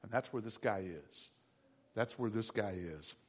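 Husky-voiced man preaching a sermon. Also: on the low side, a little slow. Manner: conversational, with rhetorical questions and humor. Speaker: pastor. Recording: echoey hall reverb.

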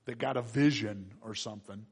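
A weighty male archangel, as a preacher puts him on speaks low and quietly. He stays firm and emphatic about his rank. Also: moderate pace, breathy edge. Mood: insistent.

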